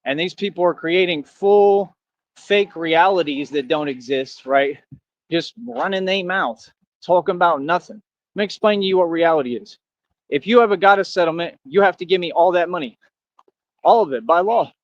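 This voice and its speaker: A man's voice: high-pitched, normal speed, no room sound. A grown man hosting his own online show, ranting at critics in a confrontational way and dropping "right?" after his points. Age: adult. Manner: confrontational, repetitive "right?" asides. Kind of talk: casual ranting monologue. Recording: dull, dry lo-fi audio.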